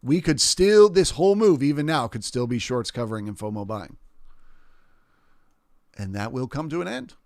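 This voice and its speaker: Man, livestream trading host, casual explainer, middle pitch, dry close sound. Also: lively intonation, normal speed, long pauses, darkish tone, dry recording. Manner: casual, explanatory, greets viewers by name. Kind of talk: live market commentary and chat Q&A.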